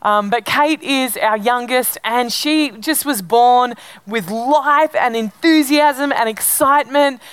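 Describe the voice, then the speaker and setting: A woman's voice: on the high side, slow pace, fairly bright tone, clear, resonant tone, dry recording. A middle-aged woman pastor, telling a family story in a sermon in a chatty way, with fillers and restarts.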